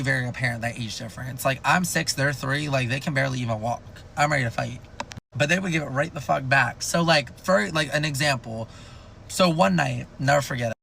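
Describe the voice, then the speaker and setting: A young man in his twenties tells a comedic story, loose and profane, mocking himself and leaping up in pitch to land a point. His voice sits a little high for a man, bright and edgy with a gravelly fry. A faint room ambience hangs behind him. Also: a little hiss or hum. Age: 20s. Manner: animated, profane, self-mocking, jumps pitch for emphasis.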